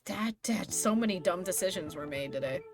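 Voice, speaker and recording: A woman's voice: fairly low pitch, a little fast. A woman streaming a game live, reading the dialogue aloud in playful voices and chatting between lines. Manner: animated, reads characters' lines with playful voices and laughs.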